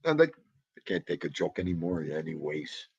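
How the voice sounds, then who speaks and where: A man hosting a casual livestream, chatting to viewers and reading their comments in a rambling, animated way, with sudden loud exclamations. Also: extremely low pitch, moderate pace, vocal fry, slightly rough, dry recording, highs cut off.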